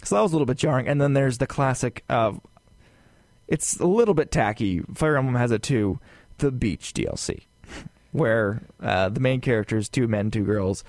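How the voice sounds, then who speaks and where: A man's voice: medium pitch, moderate pace, no room sound. Rambling man on a casual podcast. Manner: rambling and animated, many fillers and asides. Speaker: podcast co-host. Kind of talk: casual gaming podcast chat.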